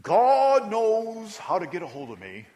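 A man voicing a stern older man with an attempted Bermudian accent, loud and emphatic as he waves someone off. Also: sits high, wildly swooping pitch, big-room sound, voice pushed up, full character voice. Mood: indignant. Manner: emphatic, loud, drawn-out refusal.

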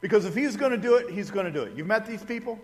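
Speaking very fast in a high, animated voice, a middle-aged Indiana pastor recounts personal stories from the pulpit of a church sanctuary. He keeps it folksy and conversational, joking with the congregation, while the hall's long reverb trails each phrase.

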